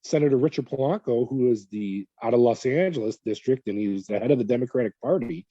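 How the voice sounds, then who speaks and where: A man recounts his experience as a guest in an interview, slipping into the voices of the people around him as he goes. His tone is very dark and mellow with a husky edge, heard dry and slightly dull. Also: mid-range voice, fast, no echo. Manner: animated retelling with quoted dialogue. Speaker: guest, former corrections officer. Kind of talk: storytelling in an interview.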